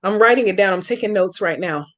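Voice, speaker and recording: A woman's voice: mid-range voice, fast talker. A woman hosting a live stream, chatting casually with viewers by name and talking back to their comments in a blunt, profane, outspoken way.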